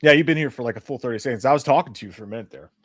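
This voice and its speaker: A man's voice: mid-range voice, racing, no echo. A man in his thirties co-hosting a casual live-stream chat show, rambling through stories and swearing freely. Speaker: podcast co-host.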